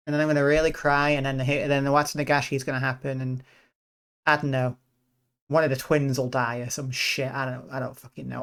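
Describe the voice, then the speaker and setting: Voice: mid-range voice, fairly bright tone, poor audio. A game streamer reacting to a visual novel with profane, groaning, anxious commentary.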